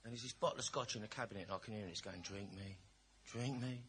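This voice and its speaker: A man's voice: on the low side, racing, bright, forceful tone, a little hiss or hum. A man giving a personal share at a recovery meeting, telling his story in a chatty, blunt, jokey way.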